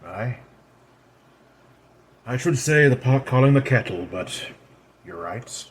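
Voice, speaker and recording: A man voicing a sly, hardened immortal woman, who talks quietly in a dry and knowing way. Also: mid-range voice, animated, slow, slightly rough.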